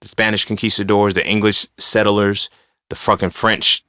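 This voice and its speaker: Talking alone on his podcast, this male host is casual, rambling, profane and emphatic, checking in again and again with "you feel me." His lowish voice has little pitch movement and a pushed, bright quality at a normal speed. It's a dry, studio-quality recording.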